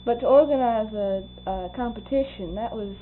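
Older woman, oral history interviewee; chuckling, animated storyteller; lo-fi tape hiss. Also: a little high, moderate pace. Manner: laughing, animated storyteller acting out quoted voices. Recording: tinny lo-fi tape with faint hum.

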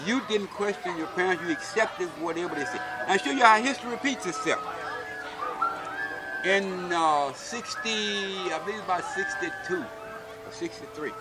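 Over loud music, an older interviewee from Alabama relates folksy tales of his youth for an oral history, often asking "see?" He has a high-pitched voice with lively intonation and speaks at a moderate pace.

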